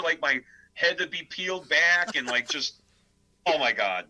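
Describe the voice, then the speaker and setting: A rough recording carries a man's voice that sits on the high side at a moderate pace. Hailing from the American Midwest, this death metal singer-guitarist guests on a podcast, casually rambling through stories in interview form. He's animated and loose, dropping many filler words.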